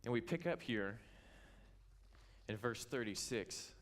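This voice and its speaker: A pastor from Kansas preaching a sermon in church, retelling a scripture story with animated storytelling and acting out its characters. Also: male voice, mid-range voice, takes it slowly, a little hiss or hum.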